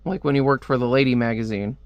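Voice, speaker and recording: Rambling male comic reviewer, crisp dry voice. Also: medium pitch, fast talker, no echo, highs cut off. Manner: rambling, lots of "like" and restarts. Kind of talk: casual video review.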